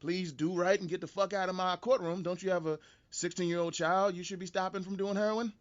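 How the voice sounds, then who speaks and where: A pompous, stern judge, as a man puts him on, drawing his words out slowly and formally, loud and a little lower than his usual voice. The sentences land like dismissals. The recording is dull and lo-fi. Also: fairly even intonation, close to an everyday voice.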